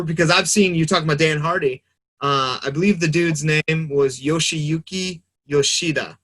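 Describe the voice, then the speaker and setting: A young man talking casually on a podcast, animated and rambling, swearing freely. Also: on the high side, normal speed. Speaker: podcast guest. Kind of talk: casual chat.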